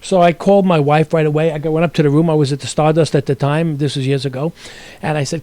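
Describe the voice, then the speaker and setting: Give me a man from Brooklyn chatting as a guest on an interview show. He talks fast in a mellow, slightly raised voice and rambles through his stories, restarting as he goes. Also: fairly high pitch, steady tone, dry recording. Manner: rambling storyteller with many restarts. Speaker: guest actor. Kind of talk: casual interview chat.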